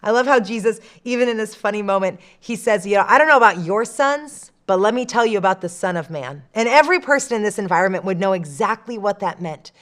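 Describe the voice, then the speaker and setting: An earnest woman speaking to her church in a short devotional. Her voice sits in an ordinary middle range. She talks with feeling and eases down softly when she reads scripture aloud. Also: medium pitch, quick pace, few pauses. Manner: earnest and expressive, dropping soft on scripture lines.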